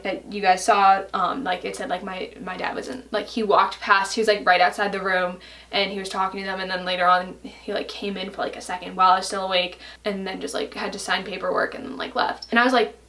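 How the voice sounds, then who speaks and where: A woman's voice: medium pitch, fairly bright tone, recorded from a distance. A young woman vlogger telling a personal story to camera in a chatty way, full of fillers and "like". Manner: chatty, fillers, many likes.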